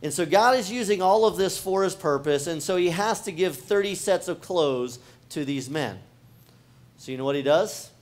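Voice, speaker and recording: Male pastor, sermon, conversational, fairly high-pitched, restarts a lot. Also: lively intonation, normal speed. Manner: casual, conversational, with many restarts; talks directly to the congregation.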